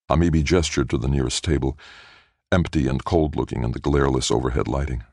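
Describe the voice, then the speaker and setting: A man narrating an audiobook in a measured storytelling manner. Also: a bass voice, darkish tone, no echo, clean studio sound.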